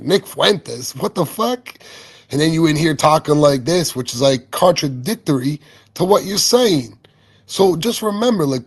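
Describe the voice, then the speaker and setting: A man talking in an online audio chat room, rambling with repeated words and swearing. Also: a little high. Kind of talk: casual heated chat.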